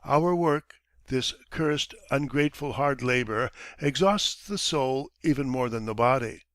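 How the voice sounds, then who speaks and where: A man's voice: mid-range voice, measured pace, a bit bright, no room sound, natural voice. A man voicing a petty, self-pitying male writer who talks in a languid, moaning, self-important way.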